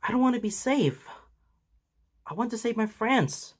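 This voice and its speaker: A man voicing an anxious, earnest teenage boy hero in a fan fiction reading, raising his voice high and strained. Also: lively intonation, a little slow, husky, full character voice. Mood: desperate.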